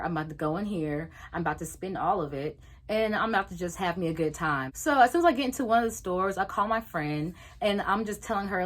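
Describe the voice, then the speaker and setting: A young woman vlogger telling a casual story, animated, swearing freely and acting out what people said. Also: fairly low pitch.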